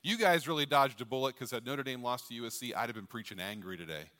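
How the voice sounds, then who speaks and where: Bright-voiced joking pastor in a big hall. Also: male voice, mid-range voice, quick pace. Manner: jokey, chatty, asks the crowd questions. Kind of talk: sermon with jokes. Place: church sanctuary with long reverb. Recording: long hall reverb from a church.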